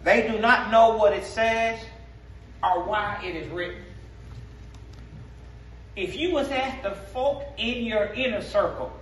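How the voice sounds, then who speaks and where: Preacher in an echoey church hall. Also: male voice, high voice, slow, long pauses. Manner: call-and-response preaching, rising to shouts. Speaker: pastor. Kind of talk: sermon. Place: church sanctuary. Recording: echoey sanctuary from a distance.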